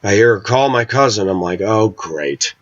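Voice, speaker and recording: A man vlogging a personal story rant, indignant and animated, acting out the quotes as he goes. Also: lowish voice, fairly quick, no room sound. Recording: dull, dry lo-fi sound.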